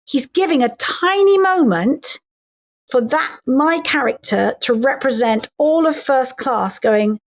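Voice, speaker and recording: A middle-aged actress, a woman, chatting as an interview guest and telling animated stories full of acted-out lines. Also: high voice, takes it slowly. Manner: animated storyteller who acts out voices in quotes. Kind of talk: casual interview chat.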